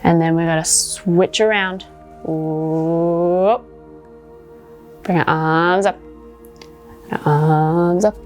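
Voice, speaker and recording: A woman's voice: on the low side, fairly even intonation, takes it slowly, soft background music. A woman coaching children through yoga poses while telling a story, encouraging and instructive.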